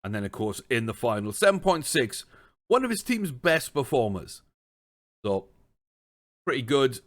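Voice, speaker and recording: A man streams himself playing a football management game and talks it through in a casual, chatty way. His voice sits at an ordinary middle pitch. He thinks out loud and now and then breaks into exasperated rants. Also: big pitch swings, measured pace. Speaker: gaming streamer. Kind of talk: casual let's-play commentary.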